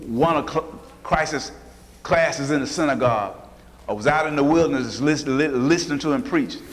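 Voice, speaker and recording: A man preaching a sermon, telling Bible stories in a folksy way and acting out the people in them with different voices. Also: a little high. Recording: long hall reverb.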